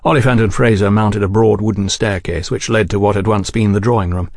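A man reading a novel aloud in a measured, even audiobook narration. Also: fairly low pitch, no room sound, studio quality.

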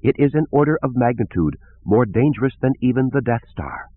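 A man's voice: mid-range voice, animated, brisk, no room sound, pitched above the performer's own voice, lightly acted. A man voicing an earnest woman scientist who speaks in a melodious, pleading way. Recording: tinny phone-like lo-fi audio.

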